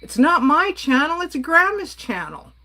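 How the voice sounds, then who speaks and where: A woman's voice: high voice, very animated, unhurried, sharp tone. A woman from Canada ranting on a casual livestream, exasperated and blunt while she reads and answers her chat. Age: adult.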